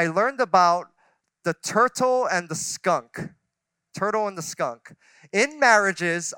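Male pastor, forties, candid storyteller with restarts; bright, crisp tone. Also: high voice, no room sound. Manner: conversational, self-deprecating storytelling with many restarts. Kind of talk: sermon. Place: church sanctuary.

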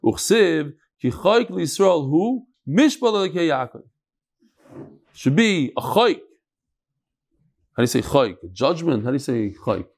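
A man's voice: on the high side, very animated, unhurried, long pauses, husky. Chatty man teaching a Talmud class. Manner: chants Aramaic text, then explains in chatty English; jokes and bickers with students. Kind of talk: casual daily Talmud class. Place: room with a live study group.

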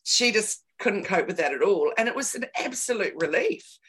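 A woman's voice: medium pitch, expressive, moderate pace, very noisy. Woman candidly telling stories, emphatic repeats. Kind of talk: casual chat.

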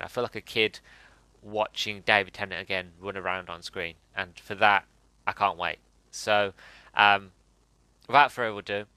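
Casting note: an eager male reviewer with a lowish, bright, forceful voice, stumbling over his words. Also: dry recording. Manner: excited, halting, repeats himself. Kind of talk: casual video review.

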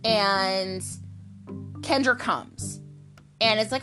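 A woman recapping a soap opera in loose, chatty talk. She is animated and unfiltered, with a middle-pitched voice and faint music underneath. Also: slow pace. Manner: chatty, animated, swears casually. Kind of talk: casual chat.

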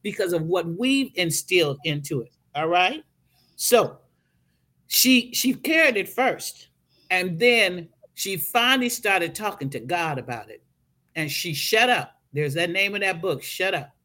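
A woman's bright, forceful voice carries a podcast talk in a preaching style. She tells her story with animation and slips into the voices of the people in it. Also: on the low side, animated, unhurried. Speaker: guest speaker.

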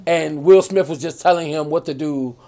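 A man co-hosting a podcast, telling animated stories in casual chat with plenty of profanity. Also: on the high side, normal speed. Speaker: podcast co-host.

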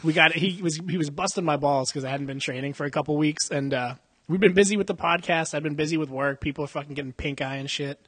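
A man's voice: fairly high pitch, quick pace, a bit bright, slightly rough, dry recording. A young man co-hosting a podcast at a jiu-jitsu gym, telling rambling, profane stories in a casual chat and laughing often. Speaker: podcast co-host. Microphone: podcast mic.

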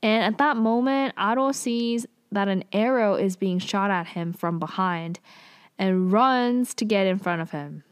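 A young woman casually recapping a TV drama, chatty and full of fillers and quick asides. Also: medium pitch, smooth, no room sound, clean studio sound.

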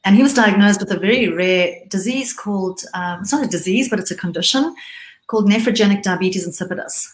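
A middle-aged woman from southern Africa talks frankly as a guest in a relaxed conversation. She stumbles and restarts often. The room around her rings with noticeable echo. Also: mid-range voice. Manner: candid, halting, many restarts. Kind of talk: casual conversation.

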